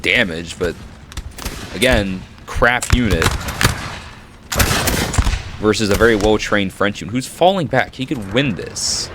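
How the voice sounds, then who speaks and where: A man giving casual, excitable commentary over a strategy game battle, reacting with frequent exclamations. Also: on the low side, unhurried, pauses often. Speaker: gaming commentator. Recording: noisy with battle sounds behind. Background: gunfire and battle noise from the game.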